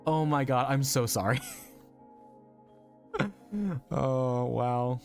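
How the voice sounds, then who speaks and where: A man's voice: medium pitch, fairly even intonation, very slow, creaky, faint music behind. A young adult man chatting casually to his viewers during a live game stream, rambling and laughing often, his voice a little strained. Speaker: VTuber streamer.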